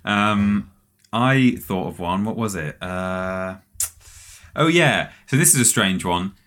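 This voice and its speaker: A man's voice: fairly low pitch, lively intonation, slow pace, a bit bright. A man co-hosting a casual podcast, telling long anecdotes with laughing asides. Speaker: podcast co-host.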